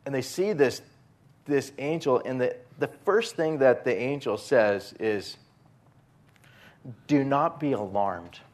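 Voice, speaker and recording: A man's voice: mid-range voice, expressive, unhurried, a little mellow. A male pastor preaching a sermon in a conversational storytelling way, acting out the quotes.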